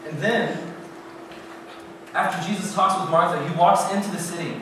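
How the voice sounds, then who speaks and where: A man with a high voice preaches as a youth pastor, retelling a story in the first person. He swings from hushed to loud. He is heard from across a very echoey hall with a faint hiss behind. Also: moderate pace, far from the mic.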